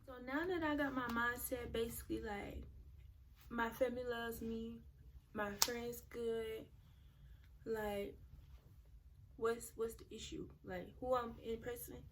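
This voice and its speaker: A woman's voice: on the high side, slow pace, pauses often, a little hiss or hum. Chatty teenage girl telling a story. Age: teens. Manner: chatty, animated, talks straight to viewers. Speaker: vlogger. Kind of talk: casual storytime.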